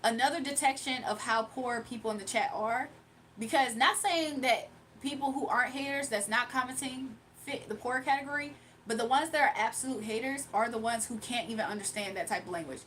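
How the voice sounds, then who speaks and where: A woman's voice: on the high side, fairly quick, fairly bright tone, a little hiss or hum. A young woman hosting a livestream, talking casually and combatively to her chat, mocking and defending herself. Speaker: livestream host.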